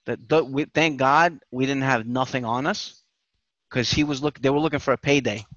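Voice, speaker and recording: Animated storytelling guy, lo-fi dry sound. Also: medium pitch, normal speed, dry recording. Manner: animated, swearing, repeats himself. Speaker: podcast host. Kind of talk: casual storytelling chat.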